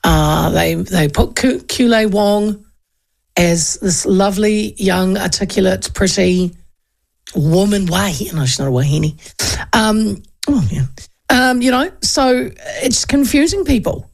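A woman's voice: mid-range voice, lively intonation, takes it slowly, creaky. A woman host, giving chatty, digressive political commentary with frequent asides. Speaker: radio or podcast host.

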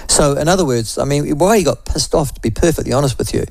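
A man's voice: a little high, fast talker, gravelly, a little mellow, dry recording, poor audio. A middle-aged man with a New Zealand accent hosting a talk radio show, delivering a combative, sarcastic opinion monologue with frequent asides.

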